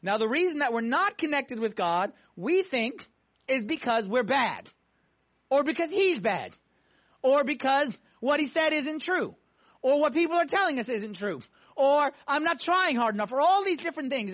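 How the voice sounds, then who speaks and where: A man preaching a sermon to a congregation, emphatic, swinging between loud pushes and hushed moments. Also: very high voice, big pitch swings, normal speed. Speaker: pastor. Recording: dull lo-fi sound.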